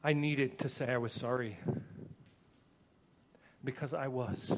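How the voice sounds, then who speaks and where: A man narrating a dramatic first-person story in an earnest, emotional way, swelling with excitement at tense moments. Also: mid-range voice, slow pace, slight background noise.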